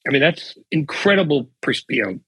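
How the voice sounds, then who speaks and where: A man's voice: medium pitch, big pitch swings, brisk, bright, forceful tone, dry recording. An older man, a veteran sportswriter, telling dry, wry anecdotes as a guest on a casual podcast. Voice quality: raspy.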